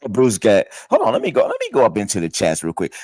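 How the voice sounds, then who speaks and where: Deep-ish 50 yr old guy on a boxing stream, dry close mic, stutters and repeats himself, swears a lot, reads the chat out. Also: quick pace, no room sound. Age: 50s. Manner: animated, stuttering repetitions, profane trash talk. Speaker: boxing livestream host. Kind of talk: casual livestream commentary, reading chat.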